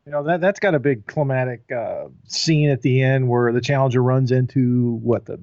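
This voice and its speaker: Podcast co-host, man, even mid voice, matter-of-fact, dry lo-fi recording. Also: mid-range voice, moderate pace, dry recording. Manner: matter-of-fact, knowledgeable about cars. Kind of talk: casual chat.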